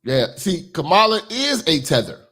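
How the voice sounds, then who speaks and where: A mocking male commentator talks back to clips and swears freely. His voice sits high and swings widely in pitch. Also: very animated, moderate pace, pushed and bright, slightly rough. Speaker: commentary channel host. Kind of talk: profane reaction commentary.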